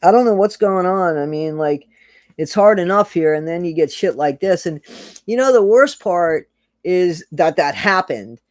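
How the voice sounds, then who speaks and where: A man's voice: high-pitched, animated, normal speed, no echo. A man hosting a casual live stream, talking earnestly and emotionally, swearing now and then and greeting viewers from the chat by name.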